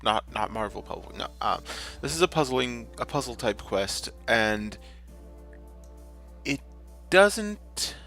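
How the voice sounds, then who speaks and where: Very animated yet slow, this channel host's medium-pitched voice is gravelly with a sharp tone, and faint music plays behind it. He narrates his gameplay casually and jokingly, rambling and frequently revising sentences midway.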